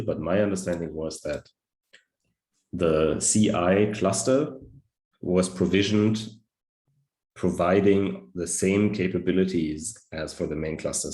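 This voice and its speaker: A man on a video call in a work meeting, explaining things in a measured, careful way. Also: deep voice, darkish tone. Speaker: meeting participant. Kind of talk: casual work meeting talk. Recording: roomy echo on a video call.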